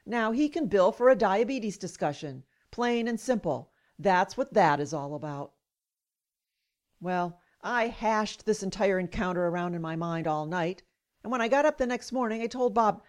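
A woman's voice: medium pitch, lively intonation, normal speed. Middle-aged female radio host, scripted first-person commentary, indignant and emphatic delivery.

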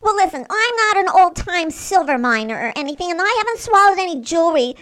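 A woman voicing a bubbly, excitable female guest with a New York accent who gushes and rambles. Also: extremely high pitch, fast talker, full character voice. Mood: gushing. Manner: gushy, exclamatory, rambling. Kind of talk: comic character chat.

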